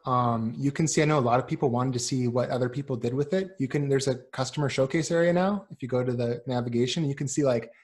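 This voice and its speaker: Earnest rambling man guest. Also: medium pitch. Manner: earnest, rambling, many fillers and restarts. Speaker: podcast guest, business owner. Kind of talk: casual interview chat.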